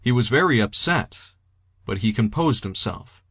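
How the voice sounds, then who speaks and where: A man reading a novel aloud in a steady, even audiobook narration. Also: fairly low pitch, unhurried, creaky, slightly rough, dry recording, studio quality. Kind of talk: scripted narration.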